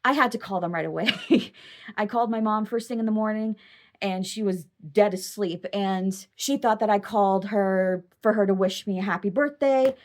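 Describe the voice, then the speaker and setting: Young woman chatting to her camera, excitable and rambly, mid-pitched voice. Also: moderate pace. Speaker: vlogger. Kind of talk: casual personal storytelling to camera.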